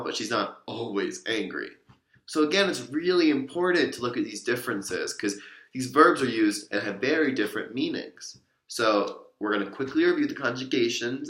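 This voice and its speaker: A man's voice: mid-range voice, a bit bright, roomy sound. A young man teaching a Spanish lesson, explaining patiently with examples and asking the listener to repeat after him. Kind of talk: spoken language lesson.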